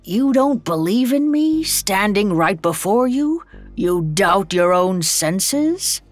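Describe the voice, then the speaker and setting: A woman's voice: mid-range voice, big pitch swings, takes it slowly, soft background music. A woman voicing the grim ghost of an old businessman bound in chains, speaking in grave, solemn warnings.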